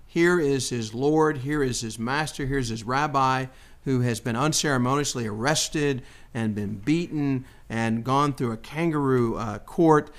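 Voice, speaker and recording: Man, Bible teacher, conversational, animated voice that jumps up for quotes. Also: measured pace. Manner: animated, acts out quotes with rising pitch. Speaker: Bible study host.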